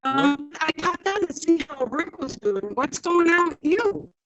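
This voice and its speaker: A woman's voice: sits high, animated, measured pace, muffled recording, over music. A woman calling in remotely from a school building, apologetic, over a garbled connection that makes her voice sound robotic. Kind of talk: casual chat.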